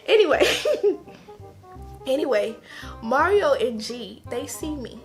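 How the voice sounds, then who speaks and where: A woman casually telling a personal story to camera, animated, acting out quotes in a higher voice and laughing between lines. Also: slow, faint music behind.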